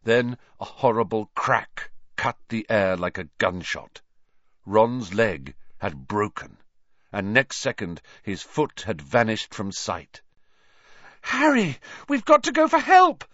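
Low, expressive male storybook narrator. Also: unhurried, dry recording, lo-fi sound. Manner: dramatic, expressive reading. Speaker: audiobook narrator.

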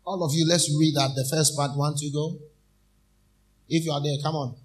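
A man's voice: on the high side, fairly even intonation. A male minister preaches with a slightly raised voice. He pulls the congregation in with repeated questions and stretches out each key phrase for weight. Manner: emphatic, drawn-out key phrases. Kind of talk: sermon.

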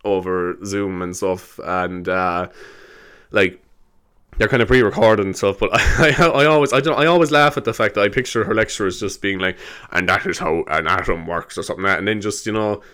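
This Irish man hosts a casual solo podcast, rambling, laughing and putting on silly voices while he tells stories. His voice is fairly low and steady, a little fast, with a fairly bright, clean tone.

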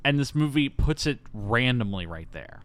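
A man co-hosting a casual podcast, recapping a film in an animated, storytelling way with frequent laughter. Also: mid-range voice, moderate pace. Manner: animated storytelling, acts out quoted lines with silly voices; laughs often. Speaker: podcast co-host. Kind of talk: casual chat.

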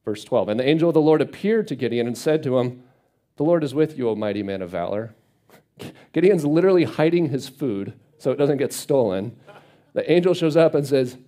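A man's voice: mid-range voice, animated, a little fast, mellow. A man teaching a Bible passage casually, reading verses and retelling them in everyday speech. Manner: conversational, paraphrases scripture in everyday speech.

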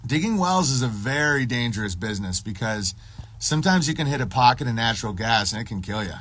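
A man streaming, ranting in a profane, sarcastic way with deadpan absurd riffs. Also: medium pitch, fairly quick.

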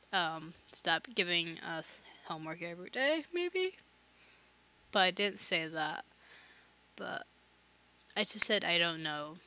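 A teenage girl hosts her own podcast solo, talking casually in a fairly low, sharp voice with the highs cut off. She rambles, interrupts herself, and uses lots of fillers and restarts.

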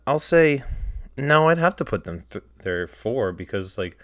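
A young man hosting a solo podcast, rambling in casual chat and getting heated, sometimes close to yelling. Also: mid-range voice, big pitch swings, unhurried, no room sound. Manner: rambling, heated, rises to near-yelling when retelling anger. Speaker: podcast host.

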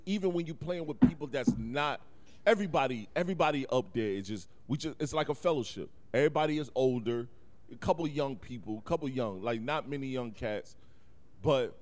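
Animated man telling a story. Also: a little high. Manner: animated storytelling, profane slang, frequent laughs. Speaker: podcast co-host. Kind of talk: casual chat.

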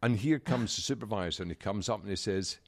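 A British man with a lowish voice talks quickly on a recording with no room sound. Co-hosting a podcast from a desk in a small room, he tells a story in casual chat, animatedly acting out other people's voices.

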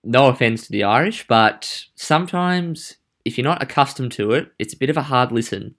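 A man co-hosting a casual chat, playful and quick to laugh. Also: mid-range voice, animated, fairly bright tone. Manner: playful, laughs often, tries out put-on accents badly. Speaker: podcast co-host.

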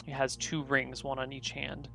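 Male game master, bright tone, faint music bed. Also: mid-range voice, monotone, normal speed, gravelly. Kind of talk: narrating a tabletop game.

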